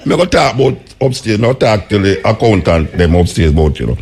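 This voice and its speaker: A man with a Jamaican accent who hosts a radio show and chats casually and animatedly, with a raspy voice, often laughing and repeating words. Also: mid-range voice, expressive, quick pace. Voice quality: raspy, gravelly. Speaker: radio host. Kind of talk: casual on-air chat.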